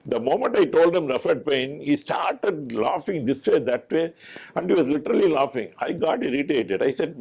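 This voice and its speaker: A middle-aged man, a doctor telling an anecdote in an animated way, with frequent stumbles and restarts. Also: mid-range voice, moderate pace, vocal fry. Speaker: doctor giving a talk. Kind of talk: anecdotal storytelling talk.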